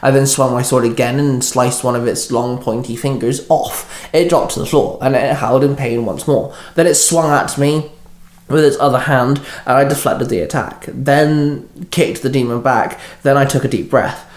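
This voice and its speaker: A man's voice: mid-range voice, steady tone, normal speed. Man reading a story in an echoey room. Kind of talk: first-person fanfic narration.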